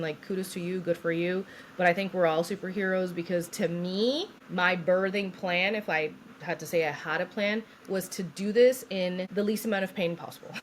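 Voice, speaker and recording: A woman's voice: fairly low pitch, a little hiss or hum. A woman in her thirties, a podcast co-host, telling a long personal story in casual chat, acting out what others said and laughing often.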